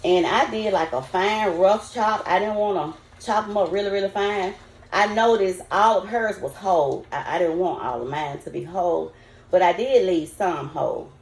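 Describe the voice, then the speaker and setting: A woman's voice: on the low side, normal speed, a little mellow. An older woman with a Southern US accent, chatting folksy and casual to viewers as she cooks in her home kitchen. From Southern United States. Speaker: home cook. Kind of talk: casual cooking vlog. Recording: roomy, echoey kitchen.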